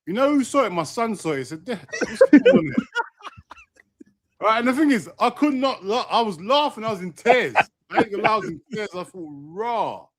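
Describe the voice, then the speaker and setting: A man's voice: high-pitched, animated, brisk, hardly any pauses, fairly bright tone. A man, co-hosting a casual football chat, laughing a lot and using plenty of slang. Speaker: co-host.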